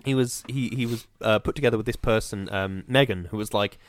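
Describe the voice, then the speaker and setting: A man's voice: fairly low pitch, a little fast, no echo. A man, chatting casually over a video call and telling a long story with lots of fillers. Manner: rambling, animated storytelling with fillers. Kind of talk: casual chat.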